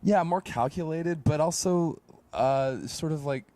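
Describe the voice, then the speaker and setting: A man's voice: on the high side, measured pace, warm tone, dry recording. A man co-hosting a live show review in casual chat, joking and playful. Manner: joking, playful, does silly impressions. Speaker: podcast co-host.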